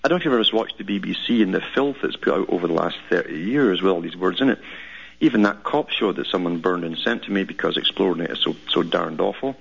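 Deep gravelly man on lo-fi radio. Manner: sardonic, repeats words and restarts often. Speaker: talk radio host. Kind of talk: rambling radio monologue reading news clippings. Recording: dull lo-fi radio broadcast.

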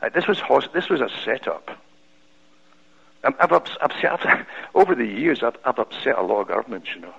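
A man with a Scottish accent, a radio guest telling a personal story in an animated way, with many restarts. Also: mid-range voice, a little fast, gravelly, breathy edge. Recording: lo-fi radio broadcast.

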